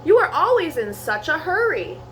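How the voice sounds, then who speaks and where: A woman voicing a patient, loving mother critter in a storybook, with a soft sighing manner. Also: high-pitched, sing-song, moderate pace, a little hiss or hum, pitched above the performer's own voice. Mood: fond.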